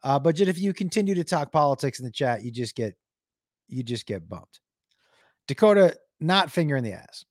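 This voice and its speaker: A man with a somewhat high voice tells a story to his live chat, stopping and restarting often and leaning on fillers. The sound is dry and close, with no room echo. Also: animated. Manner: halting, full of restarts and fillers. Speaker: livestream host.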